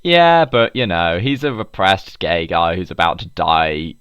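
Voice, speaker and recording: A man's voice: deep voice, measured pace, fairly bright tone, smooth, dry recording, muffled recording. A man co-hosting a podcast in casual chat, rambling, laughing often and swearing freely. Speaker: podcast co-host.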